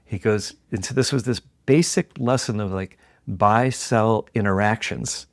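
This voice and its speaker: A middle-aged man telling a story as a podcast guest, animated and acting out the voices of the people in it. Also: on the low side, unhurried, no echo, studio quality. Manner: animated storyteller who acts out quoted voices.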